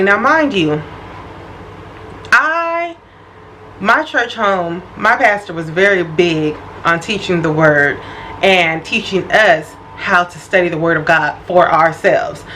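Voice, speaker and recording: Animated woman telling a story. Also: on the high side, a little hiss or hum, poor audio. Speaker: vlogger. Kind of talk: storytime vlog.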